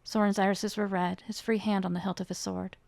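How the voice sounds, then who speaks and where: Woman with a gravelly voice reading fiction. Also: mid-range voice, little pitch movement, fairly quick, darkish tone, dry recording. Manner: reads the characters' lines with rising emotion. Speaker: author reading her own book.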